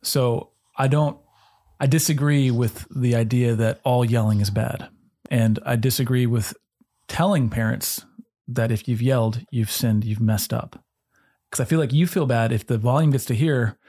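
A man co-hosting a casual faith podcast, calmly arguing his point and pushing back. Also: mid-range voice. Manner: measured, argumentative pushback. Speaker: podcast co-host.

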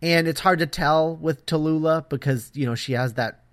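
A man's voice: on the high side, moderate pace, fairly bright tone. Exasperated American man griping on a podcast. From United States. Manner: blunt, exasperated criticism with frequent "um". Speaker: podcast co-host. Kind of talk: casual podcast chat.

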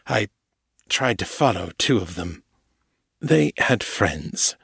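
A man's voice: on the low side, big pitch swings, takes it slowly, vocal fry, fairly bright tone, breathy edge, dry recording, full character voice. A man voicing a wounded, weary man who speaks faintly and shakily with wry understatement. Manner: faint, shaky, dry understatement.

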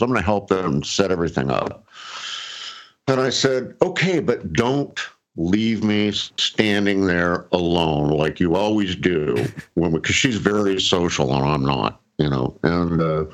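A middle-aged man casually telling a personal story, rambling with fillers and restarts and chuckling often. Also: low voice. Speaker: guest telling his story.

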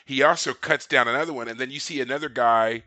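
Bright, animated man on a podcast. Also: mid-range voice, dry recording. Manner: animated, acts out film lines in quick impressions. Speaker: podcast co-host. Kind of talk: casual fan discussion.

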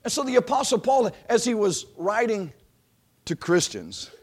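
A man preaching a sermon, swinging from loud proclamation to a hushed near-whisper and drawing out his words with emphasis. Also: high-pitched, big pitch swings, husky. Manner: slow, emphatic delivery with repeated words.

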